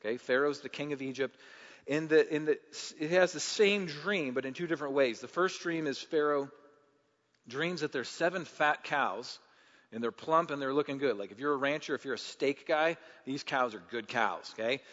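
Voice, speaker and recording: A pastor delivers his sermon in a fairly high male voice, sometimes climbing into loud passion and sometimes easing into casual storytelling. The recording is a little dull and muffled. His words ring out with a long reverb, as in a large hall. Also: moderate pace. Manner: rising to loud impassioned delivery, then easy conversational storytelling with fillers.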